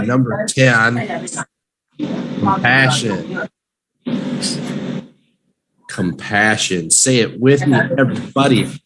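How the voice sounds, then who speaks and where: Against a noisy background, a man whose voice sits on the low side teaches English vocabulary live online, slowly drilling each word and playfully cheering on his learners.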